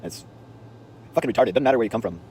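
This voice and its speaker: Rapid-fire rambling man on the street. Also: mid-range voice, a little mellow, breathy edge. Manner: rambling, slangy, intense. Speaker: storyteller. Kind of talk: casual storytelling monologue.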